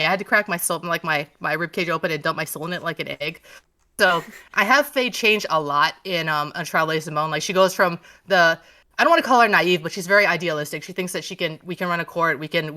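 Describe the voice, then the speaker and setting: A woman's voice: on the low side, pushed and bright. A woman author in a casual podcast interview, gushing and swearing freely as she rambles with many restarts.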